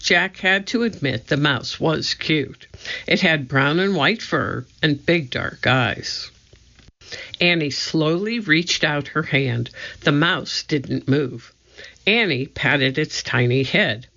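Measured children's audiobook narrator, bright tone, muffled lo-fi recording. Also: medium pitch. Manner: slow, measured and gravelly.

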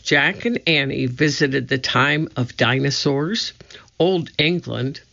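An audiobook narrator reading a children's storybook in a slow, measured way, on a dull lo-fi recording. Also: medium pitch, vocal fry, sharp tone.

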